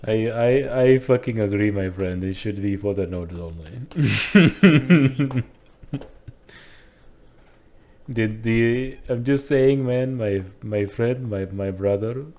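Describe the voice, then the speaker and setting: A man putting on a loud, taunting Indian-accented Nord. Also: fairly low pitch, slow pace. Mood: mock agreement. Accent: put-on Indian. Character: man playing a bigoted Nord friend with a put-on Indian accent.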